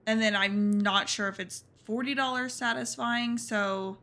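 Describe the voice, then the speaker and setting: Slow-talking bright young woman streamer. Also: fairly high pitch. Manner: relaxed, drawling, chatty with laughs. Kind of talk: casual chat while gaming.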